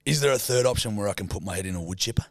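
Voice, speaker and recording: A man's voice: on the low side, animated, racing, no room sound, clean studio sound. Sweary Australian man telling a story. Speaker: podcast co-host. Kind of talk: casual chat.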